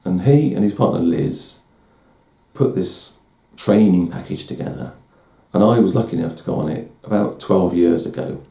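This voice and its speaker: A man's voice: sits low, animated, moderate pace, gravelly, mellow. A middle-aged man giving a candid, self-deprecating personal talk as host, often restarting his words. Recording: roomy echo.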